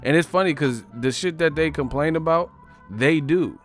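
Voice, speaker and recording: Male live stream host, slangy and mocking, talking over faint music. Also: moderate pace. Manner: animated, mocking, slangy, mimics commenters in high voices. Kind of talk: casual live stream chat reading comments.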